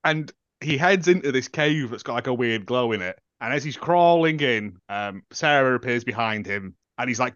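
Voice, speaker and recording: A man's voice: medium pitch, normal speed, hardly any pauses, a bit bright, clean tone, no room sound, highs cut off. A man, a podcast host, retelling a film in a rambling, casual way and laughing as he goes. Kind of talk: casual film recap chat.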